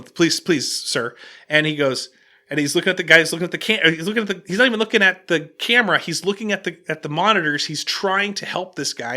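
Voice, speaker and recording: A man hosting a casual podcast, telling an animated story and restarting his sentences often. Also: on the high side. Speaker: podcast host.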